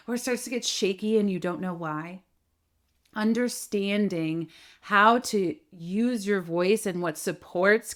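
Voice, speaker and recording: A middle-aged woman voice coach giving an animated talk to camera, often checking in with "right?" and demonstrating vocal changes as she goes. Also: medium pitch.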